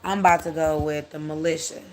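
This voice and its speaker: A woman voicing a smug male companion who talks in a flat, dismissive, matter-of-fact way. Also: deep voice, brisk, lightly acted. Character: smug, self-assured adult male companion.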